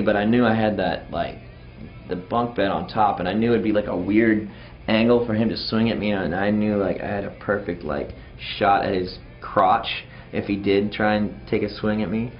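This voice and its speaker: A man's voice: on the low side, moderate pace, lo-fi sound. A man from Texas, a touring band member, telling a road story animatedly with lots of fillers. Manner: animated, full of fillers, acts out the scene.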